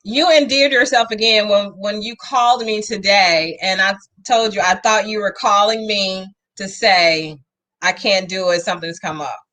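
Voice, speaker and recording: A talk show host with a bright, forceful voice. She gushes with emphatic praise and lays on the compliments, leaning into each one. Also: medium pitch, fairly even intonation, moderate pace. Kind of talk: effusive interview chat.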